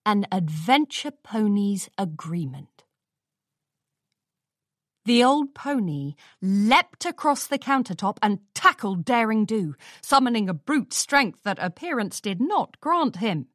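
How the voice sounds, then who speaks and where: Woman reading a kids' storybook aloud, lively, dry close mic. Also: medium pitch, takes it slowly, no room sound. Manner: expressive, acts out dialogue. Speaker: audiobook reader. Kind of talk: storybook narration.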